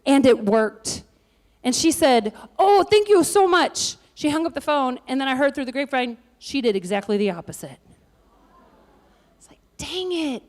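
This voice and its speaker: High-voiced woman pastor preaching. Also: normal speed, pauses often. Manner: lively, conversational, joking asides. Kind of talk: sermon.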